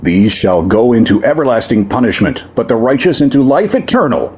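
A man with a husky voice playing a stocky, forceful older male sheriff and preacher who booms out scripture. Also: big pitch swings, a little fast. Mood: booming. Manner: booming scripture.

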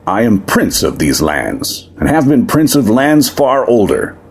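A man's voice: mid-range voice, very animated, measured pace, breathy edge, pitched above the performer's own voice, full character voice. Man voicing a roaring, haughty demon prince. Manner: sneering, roaring. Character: proud furious male demon prince.

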